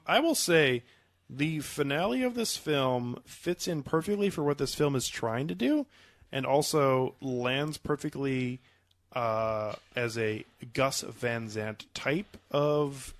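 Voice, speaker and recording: A man's voice: medium pitch, a bit bright. A man hosting a casual film review podcast, rambling and hedging with many fillers, with a cold and the odd cough. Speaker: podcast host.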